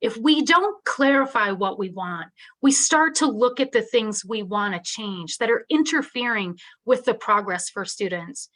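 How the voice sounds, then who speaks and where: A woman's voice: fairly high pitch, a bit bright. Earnest woman giving a webinar keynote. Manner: earnest, conversational, tag questions. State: teary-eyed. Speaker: keynote speaker.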